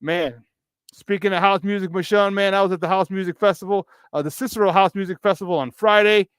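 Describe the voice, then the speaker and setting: A man's voice: sits high, steady tone, fairly quick, fairly bright tone, smooth, dry recording. A man with a Chicago accent hosting a morning sports talk show, talking in a hyped, slangy, playful way.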